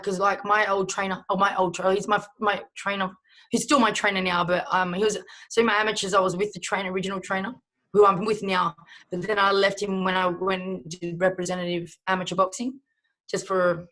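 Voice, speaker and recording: A woman's voice: on the low side, fairly bright tone. A young adult woman with an Australian accent, a professional boxer talking casually in an interview, rambling and swearing freely.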